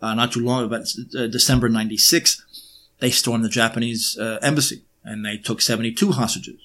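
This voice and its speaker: A man giving a lecture-style monologue, often pausing on fillers and throwing in sarcastic rhetorical questions. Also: medium pitch, fairly even intonation, pushed and bright. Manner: frequent filler hesitations.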